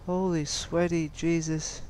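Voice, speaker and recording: A young man giving live gameplay commentary as a gaming channel host, excitable and exasperated, pleading in bursts. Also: fairly high pitch, slow, slight background noise.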